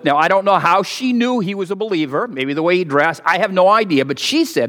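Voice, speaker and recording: A male pastor delivering a sermon in a conversational way, lifting and lowering his voice to stress his points. His voice sits high for a man. The sound carries the long reverb of a church sanctuary. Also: lively intonation, a little fast, hardly any pauses, a bit bright. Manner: conversational preaching, voice rising and dropping for emphasis.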